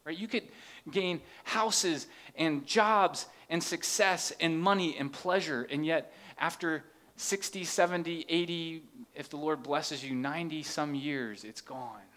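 A pastor with a slightly high, fairly bright voice preaches a sermon. He reads scripture earnestly, rising into impassioned questions.

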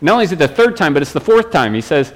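A man's voice: a little high, big pitch swings, rapid-fire. A man, a pastor, preaching a sermon in an earnest way, often restarting and repeating phrases.

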